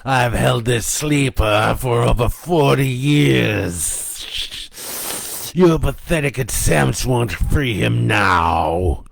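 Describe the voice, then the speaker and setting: A man voicing a taunting, cruel devil in a read-aloud story, drawing out his words slowly and loudly. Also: mid-range voice, lively intonation, creaky, pitched above the performer's own voice, heavily acted. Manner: slow drawn-out menacing taunts. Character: taunting sneering devil, male, ancient and cruel.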